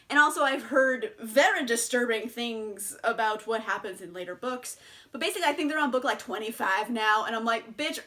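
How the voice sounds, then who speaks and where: A young woman talks through a book tag in a loose, chatty vlog. Her voice sits high and sounds bright. She swears freely and breaks into laughter often. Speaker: booktuber.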